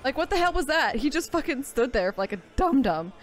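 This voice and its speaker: A woman streaming a game with casual live commentary, excitable, swearing freely and laughing often. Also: high-pitched, brisk, faint music behind.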